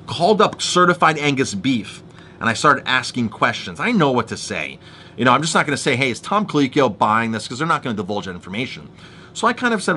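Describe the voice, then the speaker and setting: Animated, bright-voiced man ranting. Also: medium pitch, fast talker, slight background noise. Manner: animated storytelling, restarts, acts out quoted exchanges. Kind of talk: casual ranting monologue.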